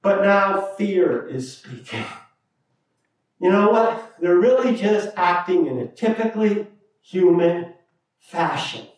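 Male pastor, sermon, high voice, slow and emphatic, booming echo from far off. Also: expressive. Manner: deliberate, emphatic, repeats key phrases. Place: church sanctuary. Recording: echoey room, mic at a distance.

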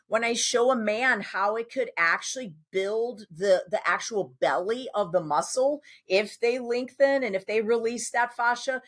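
A woman who works as a personal trainer and health coach, talking with enthusiasm as a podcast guest. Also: on the high side. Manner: enthusiastic, animated storytelling. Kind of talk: casual podcast conversation.

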